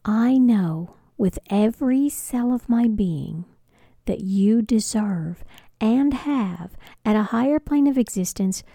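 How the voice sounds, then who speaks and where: A woman spiritual teacher leading a guided prosperity affirmation, speaking softly and often slipping into a breathy whisper. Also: on the high side, no room sound. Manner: slow, soft, often breathy whispered delivery.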